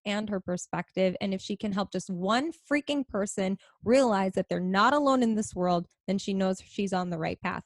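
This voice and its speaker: A woman's voice: medium pitch, dry recording, clean studio sound. A woman hosting her own podcast in a casual, bubbly chat, swearing freely and laughing often. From Middle Eastern. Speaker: podcast host. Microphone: home podcast microphone.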